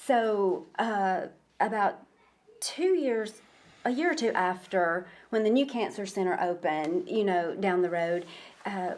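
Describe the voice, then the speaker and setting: A school principal chats with a podcast host in a casual interview, her mid-range voice animated and a little mellow. Her speech is halting, and she often stumbles and repeats words when starting sentences.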